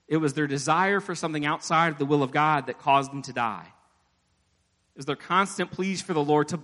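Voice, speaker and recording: A pastor with a slightly high, fairly bright voice delivers a sermon in a large church, where long reverb trails after each phrase. He speaks casually to the congregation, makes self-deprecating jokes and acts out the prayers he quotes.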